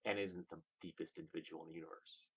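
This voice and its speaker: A very deep, husky male voice recounting a personal story in a vlog. He swings between loud, emphatic bursts and hushed, breathy whispers. The recording sounds dull and lo-fi. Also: fairly even intonation, fast. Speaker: vlogger.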